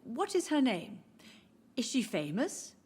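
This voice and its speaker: A woman's voice: fairly high pitch, wildly swooping pitch, takes it slowly, a little mellow, breathy edge, exaggerated voice. An actress playing a frail, confused elderly mother who speaks in a wistful, drifting, tender way, in video game dialogue with faint music beneath. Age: older.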